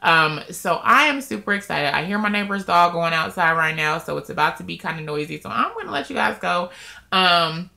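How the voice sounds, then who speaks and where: Her lowish voice carries vocal fry, and she talks fairly quickly. The woman is vlogging casually about losing weight, speaking straight to the camera in an emotional, openly expressive way.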